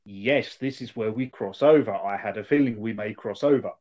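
A man's voice: fairly low pitch, normal speed, darkish tone, muffled recording. A man co-hosting a podcast, making playful mock-formal segues in casual chat. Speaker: podcast co-host.

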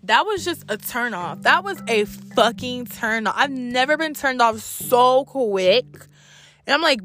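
A woman's voice: a little high, lively intonation, measured pace, fairly bright tone. A young adult woman telling a story to her camera in a blunt, profane, exasperated storytime rant. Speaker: vlogger.

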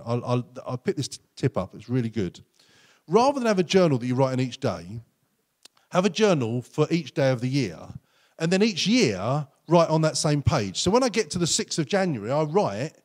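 A man preaching a sermon as pastor, earnest and conversational, often acting out quotes in lively voices. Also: mid-range voice.

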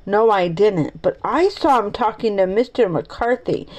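A woman's voice: mid-range voice, expressive, a little slow, a little mellow, lightly acted, poor audio. A woman voicing an earnest boy in a read-aloud storybook, confiding and serious. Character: earnest boy sharing a secret.

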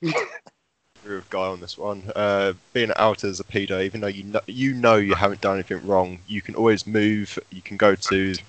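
A man's voice: fairly low pitch, fairly even intonation, normal speed, a bit bright, no echo. A man co-hosting a podcast, putting jokey questions to a guest. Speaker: podcast co-host. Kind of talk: casual chat.

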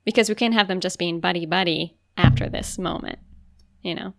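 A woman's voice: fairly low pitch, fairly even intonation, fairly quick, gravelly, fairly bright tone, a little hiss or hum. Chatty woman recapping a show. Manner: chatty, frequent "like", acts out quotes. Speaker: podcast co-host. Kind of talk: casual recap chat.

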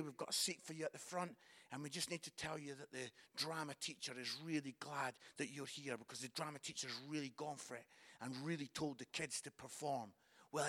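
A male guest preacher tells stories in church with a high, bright voice. He acts out the characters with lively animation and often breaks into loud, excited shouting. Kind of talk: storytelling sermon.

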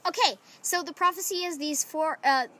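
A woman's voice: sits high, moderate pace, fairly bright tone, slight background noise. A woman hosting a casual podcast, bossy with her guests and rambling eagerly as she explains, recorded at home. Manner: bossy, scolding the others to stay on topic. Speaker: podcast host. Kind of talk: casual chat among friends.

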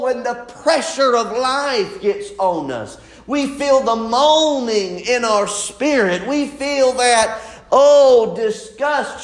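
Animated high-voiced preacher, echoey church. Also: male voice. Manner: lively preaching with laughs and shouted exclamations. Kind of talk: sermon.

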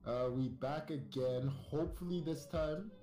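Young male co-host, relaxed slang, echoey room. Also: a little high, measured pace, soft background music. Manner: laid-back slang. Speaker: podcast co-host. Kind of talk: casual podcast chat.

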